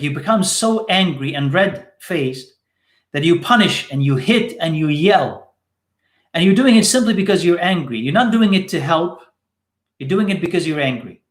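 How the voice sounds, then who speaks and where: A man's voice: fairly high pitch, reverberant. A man teaching in a live question-and-answer session, repeating short phrases for emphasis.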